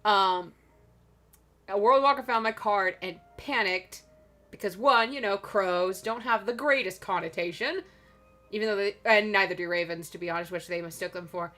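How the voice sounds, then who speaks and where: Bright-voiced rambling woman streamer. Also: medium pitch, moderate pace, soft background music. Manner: rambling, laughs often. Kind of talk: casual chat.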